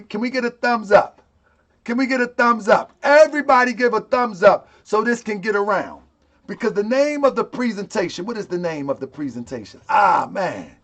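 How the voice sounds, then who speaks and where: A man in a casual livestream rant to his followers as their temple leader, slangy and emphatic, laughing often. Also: high-pitched.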